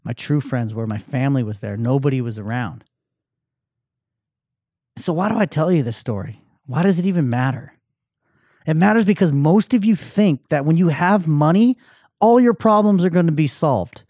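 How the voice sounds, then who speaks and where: A man's voice: fairly high pitch, animated, normal speed, a little mellow, dry recording, studio quality. A man hosting his podcast, telling a raw personal story in a candid, emotional way, with plenty of fillers, restarts and swearing. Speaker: podcast host.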